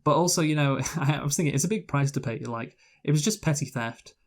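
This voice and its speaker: A man's voice: fairly high pitch, fast. A man co-hosting a casual movie review chat, rambling with lots of fillers and restarts. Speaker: podcast co-host, movie reviewer.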